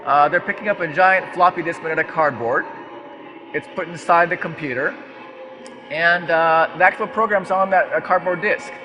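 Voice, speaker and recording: A man's voice: on the high side, bright, forceful tone. A man giving a stage talk to a live audience, chatty and self-deprecating, with lots of fillers and restarts. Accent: American. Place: large lecture hall. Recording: long hall reverb.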